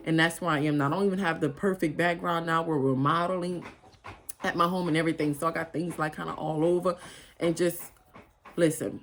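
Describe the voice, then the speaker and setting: A woman with a somewhat low voice gives a casual, heartfelt talk straight to her viewers. She is earnest and emotional, and she rambles and restarts her sentences as she goes. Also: steady tone, fairly quick, fairly bright tone. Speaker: spiritual vlogger. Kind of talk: casual motivational monologue.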